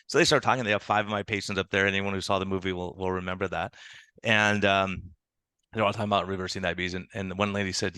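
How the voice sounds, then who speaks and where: A man, an internal medicine doctor, telling animated stories as a podcast guest and acting out the people he quotes. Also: fairly low pitch, fast, no echo. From United States. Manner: animated storytelling with quoted dialogue. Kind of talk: conversational interview.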